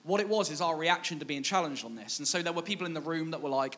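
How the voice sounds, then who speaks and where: A man delivers a sermon through personal anecdote. He talks conversationally and pokes fun at himself, acting out past dialogue as he goes. His delivery stays relaxed and chatty. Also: on the high side, quick pace. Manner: conversational, self-mocking, acts out dialogue. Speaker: preacher.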